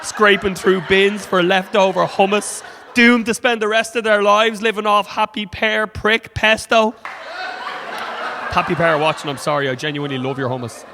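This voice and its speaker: A man's voice: high voice, normal speed, background noise. A young Irish man doing stand-up comedy in a club, sardonic and full of swearing, with an Irish accent. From Ireland. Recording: hall reverb from a club stage.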